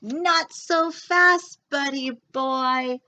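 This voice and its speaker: A woman's voice: sits high, very slow, bright, forceful tone, voice pushed up, full character voice. A woman doing a stern, scolding school principal. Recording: dull lo-fi sound.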